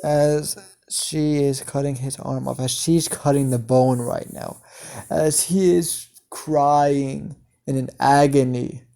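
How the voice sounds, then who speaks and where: Man, improvised story narration, flat monotone, slow, halting with fillers. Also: mid-range voice, vocal fry. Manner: halting, many fillers and restarts, chained "as she" clauses. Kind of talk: improvised fan-fiction narration.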